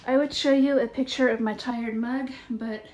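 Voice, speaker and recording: Speaking at a moderate pace in a high-ish, darkish voice with fairly even intonation, a woman vlogs from her bedroom on a handheld phone. She's breathless but bubbly and full of jokes as she chats to her viewers. The room echoes, and faint ambient noise is audible.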